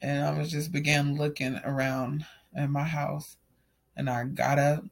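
A man's voice: fairly high pitch, flat delivery, a little slow, creaky. A young adult man casually telling a personal story, candid and emotional, speaking in loose run-on sentences. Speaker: storyteller sharing a personal testimony.

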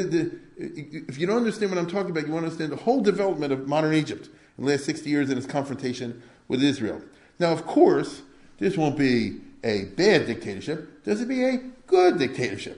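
A man's voice: on the high side, a little mellow. Older man lecturing in an echoey room. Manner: conversational, with rhetorical questions. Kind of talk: informal history lecture.

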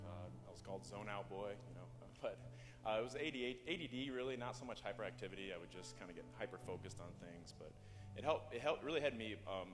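A man, giving an excitable, rambling church testimony full of fillers and restarts. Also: lowish voice. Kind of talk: personal testimony. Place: church sanctuary. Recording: reverberant church hall with music.

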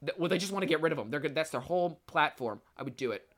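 A man co-hosting a casual podcast, telling an animated story and acting out voices. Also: a little high, very fast. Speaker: podcast co-host. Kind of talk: casual chat.

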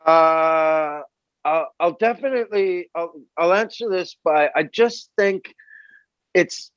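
A man's voice: fairly high pitch, slow pace, a bit bright, no room sound, highs cut off. A man with a North American accent, co-hosting a podcast in a laid-back, rambling way and swearing freely. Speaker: podcast co-host. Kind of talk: casual chat.

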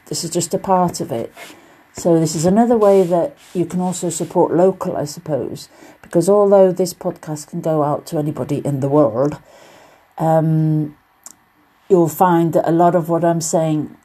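Woman, low mellow voice, chatty encouraging podcast host. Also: husky. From United Kingdom. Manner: chatty and encouraging, with loose rambling asides. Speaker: podcast host and quilting teacher. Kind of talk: casual solo podcast talk.

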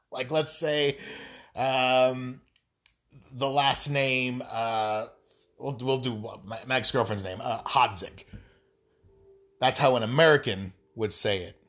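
A man's voice: mid-range voice, slow, pauses often, a bit bright. A man talking straight to his audience in a casual, rambling monologue, swearing freely and tossing in wry asides. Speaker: gaming vlogger.

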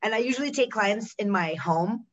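A young woman from the United States, a comedian and actress, chatting casually on a podcast, animated and swearing, acting out quotes and laughing often. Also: fairly high pitch, moderate pace, dull audio.

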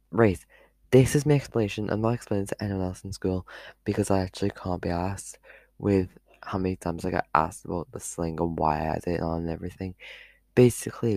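A man's voice: deep voice, darkish tone, no echo. A teenage boy chatting casually on a live stream into a headphone mic, rambling and losing his thread. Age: teens. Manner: chatty, meandering, loses his train of thought. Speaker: vlogger.

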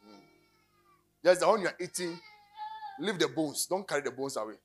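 A middle-aged Ghanaian man preaching a sermon, telling stories and joking, breaking into sudden loud bursts. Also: a little high, expressive, normal speed, faint music behind. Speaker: pastor.

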